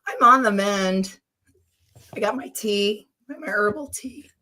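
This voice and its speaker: Squeaky, hoarse woman just over flu. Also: slow pace, pushed and bright. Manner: chatty and upbeat. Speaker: guest. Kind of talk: casual chat.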